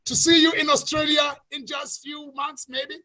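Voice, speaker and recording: Very high, bright-voiced excitable man. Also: normal speed. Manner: excitable, often shouting. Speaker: webinar host. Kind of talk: hyped online sales webinar.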